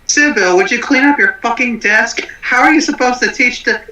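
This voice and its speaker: A man's voice: extremely high pitch, moderate pace, sharp tone, reverberant, heavily acted, poor audio. A man putting on a foul-mouthed, furious celebrity chef who teaches at a wizard school, ranting and swearing constantly.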